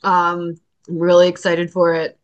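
A woman's voice: fairly low pitch, monotone, unhurried, lo-fi sound. A woman co-hosting a podcast in casual chat, talking with a sore throat and a cough drop in her mouth, chatty, with many fillers. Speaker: podcast co-host.

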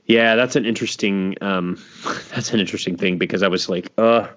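A man's voice: sits low, fairly even intonation, a little fast, a bit bright, lo-fi sound. A man hosting a podcast in casual chat, laughing often and trailing off into restarts. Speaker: podcast host.

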